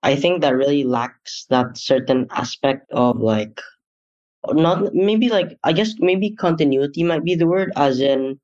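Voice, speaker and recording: A man's voice: fairly high pitch, animated, measured pace, darkish tone. Teenage boy hosting a lo-fi podcast. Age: teens. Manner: loose, searching phrasing with many "like" fillers. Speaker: student podcast host. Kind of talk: casual interview. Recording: dull lo-fi audio.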